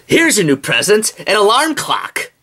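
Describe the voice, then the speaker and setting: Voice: mid-range voice, huge pitch swings, measured pace, bright, forceful tone, heavily acted. A performer voicing a cheerful, chatty male character in an amateur toy drama. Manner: upbeat, chatty. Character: cheerful friendly gift-giver, male.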